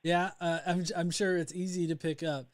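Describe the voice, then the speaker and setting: A man's voice: a little high, flat delivery, normal speed. A young man from North Alabama hosting a casual livestream, rambling with many fillers and restarts. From North Alabama, USA. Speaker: livestream host.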